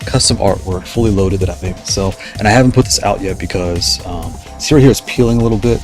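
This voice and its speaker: A man with a somewhat low voice hosts a casual livestream, talking in a loose, rambling way. He gets enthusiastic and keeps wandering off into side stories before pulling himself back. Faint music plays quietly behind him. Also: fast talker. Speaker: livestream host.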